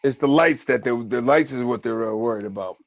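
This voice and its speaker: A man's voice: medium pitch, brisk, no room sound, lo-fi sound. A man co-hosting a casual podcast, telling a long funny story, swearing often and laughing. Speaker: podcast co-host.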